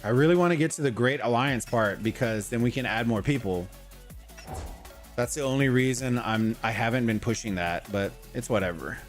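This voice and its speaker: A man's voice: medium pitch, moderate pace. A man hosting a casual gaming livestream, talking loosely, rambling and greeting viewers from chat, with faint music behind him. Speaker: livestream host. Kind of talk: casual gaming stream commentary.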